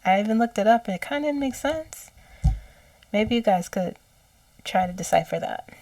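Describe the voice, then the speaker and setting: A woman recounting channeled messages in a casual, halting way, with frequent fillers and quoted lines. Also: mid-range voice, animated, a little mellow, dry recording, distant mic. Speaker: psychic channeler.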